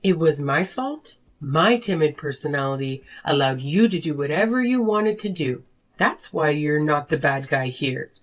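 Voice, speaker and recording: A woman voicing a furious wife and mother who confronts her selfish husband in an animated drama. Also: deep voice, normal speed. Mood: confrontational. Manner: sharp, accusing, confrontational. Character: fed-up wife and mother demanding divorce. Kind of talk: animated story voice acting.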